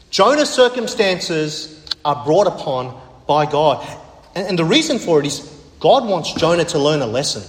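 A man's voice: high voice, animated, unhurried, slight background noise. A man preaching a sermon, earnest and emphatic, repeating his key phrases. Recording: echoey hall with long reverb.

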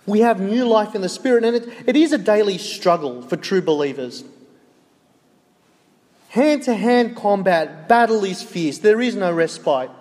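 A man with a high-pitched voice preaches a sermon, earnest and emphatic, driving his points home through repetition. His voice rings out with a long reverb, as if in a large church hall. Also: animated, unhurried, a little mellow.

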